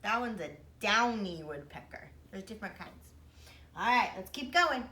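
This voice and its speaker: A young woman teaching small children in a slow, playful sing-song voice, with frequent gasps and laughs. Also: medium pitch, expressive, sharp tone. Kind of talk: toddler lesson, sing-song prompts. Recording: roomy echo.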